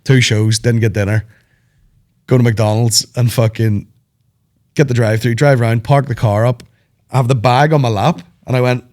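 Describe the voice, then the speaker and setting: A man's voice: medium pitch, normal speed. A man with a cold, a comedian hosting a podcast in casual chat, telling stories with lots of swearing and laughter. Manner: sweary, animated storytelling, laughs often. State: sick with a cold.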